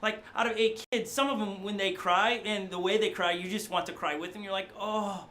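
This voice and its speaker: In a studio, a middle-aged male pastor preaches a sermon in an animated, conversational style, often acting out different voices. He speaks briskly in a high voice.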